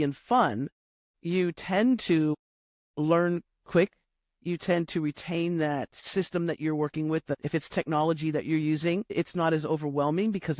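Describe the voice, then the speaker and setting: A woman's voice: deep voice, a little mellow, dry recording, studio quality. A woman who coaches podcasters, speaking as an interview guest in an upbeat, encouraging way. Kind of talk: interview conversation.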